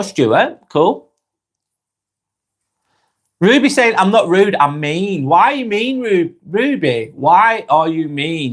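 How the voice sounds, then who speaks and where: The speaker is a Lancashire-accented man from North West England, medium in pitch, running a calm live stream. Unhurried, he voices viewers' comments and chats back, stumbling through lots of ums and restarts.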